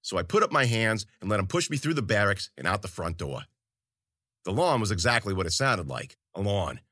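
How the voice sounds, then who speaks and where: A man's voice: lowish voice, big pitch swings, brisk, sharp tone, no echo, clean studio sound. A man narrating a story in the first person, crude, rambling and full of profane slang.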